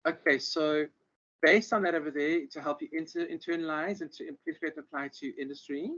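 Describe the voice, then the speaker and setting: A man's voice: fairly high pitch, a little fast, fairly bright tone. Man lecturing over a muffled call. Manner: rambling, many ums and restarts. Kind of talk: online lecture. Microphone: video call. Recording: muffled lo-fi audio.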